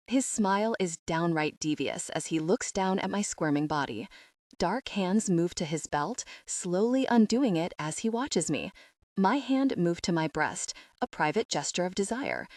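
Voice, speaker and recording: Woman softly narrating a romance audiobook. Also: on the low side, animated, a little slow, no echo, clean studio sound.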